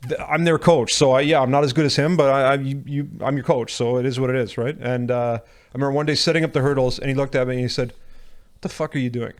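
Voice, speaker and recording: A man's voice: mid-range voice, fairly even intonation. A man, a strength and conditioning coach, guesting on a podcast and telling self-deprecating stories. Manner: quick anecdotal storyteller, self-deprecating. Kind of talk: casual podcast interview storytelling.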